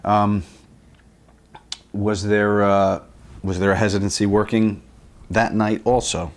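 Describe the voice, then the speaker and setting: A man's voice: fairly low pitch, little pitch movement, slow. A man hosting an interview, asking questions in a hesitant way with fillers. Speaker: interview host.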